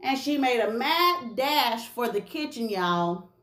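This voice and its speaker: A woman's voice: fairly high pitch, lively intonation, takes it slowly, a bit bright, reverberant. A woman hosting a gossip video, telling a story to camera in a sassy, slangy way and acting out the voices of the people in it.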